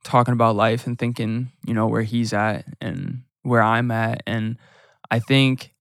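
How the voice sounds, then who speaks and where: A man's voice: mid-range voice, steady tone, a little slow, gravelly, dry recording, clean studio sound. A young man hosting a podcast and chatting casually with his father, often saying "like". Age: young adult. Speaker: podcast host.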